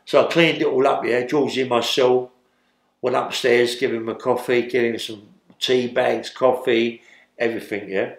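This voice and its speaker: Gravelly and mid-range, the voice belongs to an older Londoner and former criminal with a London accent, rambling through a story about prison in an interview. He keeps adding "yeah?" as he talks, and the room sounds echoey.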